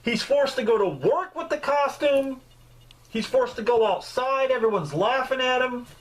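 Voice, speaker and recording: A man's voice: very high-pitched, normal speed, rough recording. Guy doing a chill comedic movie review, swears a lot, voice jumps all over the place. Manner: animated, swears freely, rambling asides.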